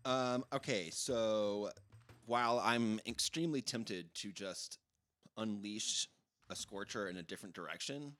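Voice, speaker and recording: A man playing a tabletop game as a player, deliberate and expressive as he plans his turn. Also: fairly low pitch. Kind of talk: casual tabletop play.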